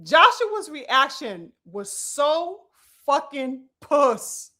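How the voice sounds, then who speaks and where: A woman with a high, bright voice talks through a live-stream boxing commentary. Her delivery is animated and profane. She keeps addressing her viewers as brothers and sisters. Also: a little slow.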